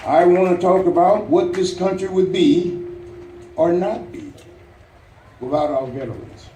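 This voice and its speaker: A man from Louisiana giving an earnest, rousing ceremonial speech outdoors, with dramatic pauses and light jokes. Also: high-pitched, crowd noise, background noise. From Louisiana, United States. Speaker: Veterans Day ceremony speaker. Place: outdoor memorial ceremony at a national cemetery. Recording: echoey, distant, faint outdoor ambience.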